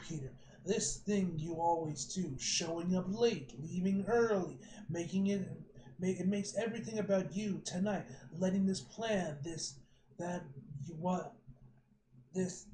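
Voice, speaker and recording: A man reading out a young man who scolds his self-absorbed friend, in a halting, stumbling delivery. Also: high-pitched, dark tone, a little hiss or hum. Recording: echoey room.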